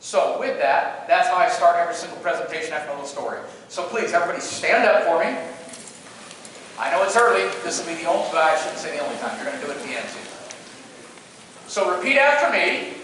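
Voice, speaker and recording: High-voiced playful man in an echoey hall. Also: quick pace, distant mic, a little hiss or hum. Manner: animated, playful, joking with the audience. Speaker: keynote speaker. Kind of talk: storytelling conference presentation. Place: large conference hall. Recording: echoey hall, picked up from afar.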